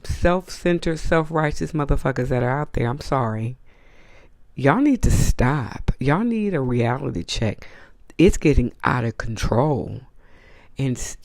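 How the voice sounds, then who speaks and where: Slow, gravelly man ranting in outrage. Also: a little high, a little mellow, dry recording. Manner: outraged, blunt and profane; repeats points for emphasis. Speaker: host. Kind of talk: opinion rant to camera.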